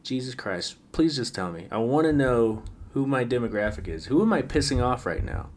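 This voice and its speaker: A man's voice: mid-range voice, very animated, normal speed. A man hosting a late-night solo podcast, rambling wryly with frequent stammered restarts. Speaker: podcast host.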